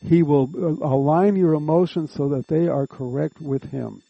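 A man preaching a sermon, slow and deliberate, drawing out words and making earnest appeals to his listeners. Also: on the high side, vocal fry, no echo, dull audio.

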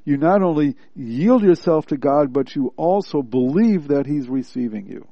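A man's voice: on the high side, animated, normal speed, no room sound. Earnest man preaching in a dry, dull recording. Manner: earnest, plainspoken, repeats points for emphasis. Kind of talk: devotional teaching, reading and explaining a text.

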